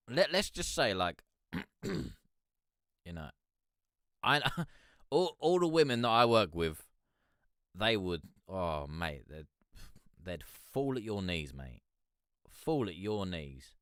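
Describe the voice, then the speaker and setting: A young man hosting a live music review stream, chatting in a rambling, excitable way. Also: fairly low pitch, clean tone, no room sound, studio quality. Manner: rambling, excitable, peppered with "mate". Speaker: music review show host. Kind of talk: casual live-stream commentary.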